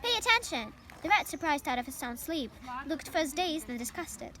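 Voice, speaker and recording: A woman's voice: high voice, moderate pace, a bit bright, slight background noise. Young Ukrainian woman reading a storybook. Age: young adult. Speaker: reader.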